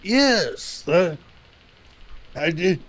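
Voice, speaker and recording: A man's voice: high voice, very animated, a bit bright, a little hiss or hum. A man chatting hesitantly during a game session. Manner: hesitant, halting. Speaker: guest player. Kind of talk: casual chat while gaming.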